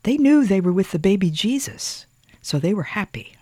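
A reader voicing a quiet, earnest seven-year-old boy who whispers politely in a storybook. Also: medium pitch, sing-song, normal speed, no echo, pitched above the performer's own voice. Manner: soft, hushed pleading whisper.

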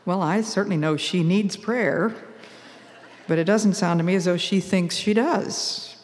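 A woman's voice: on the low side, a little mellow, long reverb tail. Older woman giving an earnest devotional talk. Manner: earnest, measured, quotes scripture. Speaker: radio devotional speaker.

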